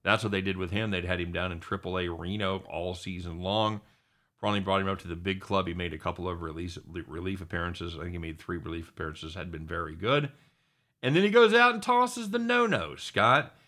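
A middle-aged man hosting a sports talk show, excitable and chatty, often calling his co-host by name. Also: low-pitched, a little fast.

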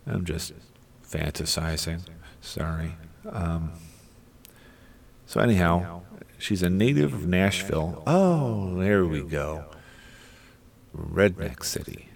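A middle-aged man talks slowly through a rambling solo podcast, his voice very low with a gravelly, fried edge. He drifts into crude, irreverent asides along the way. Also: animated. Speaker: podcast host. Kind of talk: casual solo commentary.

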